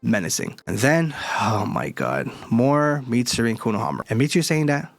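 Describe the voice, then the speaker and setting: A man hosting a casual manga chapter review, excitable and slangy with hype outbursts. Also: medium pitch, brisk, gravelly, no echo. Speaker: anime reviewer, channel host.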